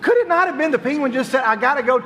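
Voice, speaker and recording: A man hosting a youth group night, joking with the crowd in playful, animated stage banter. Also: very high-pitched, racing. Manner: jokey and animated, laughs often. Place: large hall with audience. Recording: long hall reverb.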